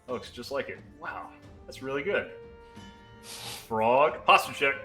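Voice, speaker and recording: Bright-voiced man hosting a stream. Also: medium pitch, animated, a little slow, soft background music. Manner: upbeat, calling out challenges and reading chat. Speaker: co-host. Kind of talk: casual live-stream banter.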